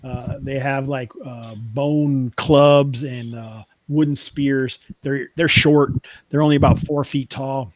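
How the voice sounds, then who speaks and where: Man, game master, middle pitch, dry close sound, chatty scene-setting. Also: steady tone, slow pace, dry recording, rough recording. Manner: loose, chatty scene-setting with many fillers. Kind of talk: narrating a tabletop game.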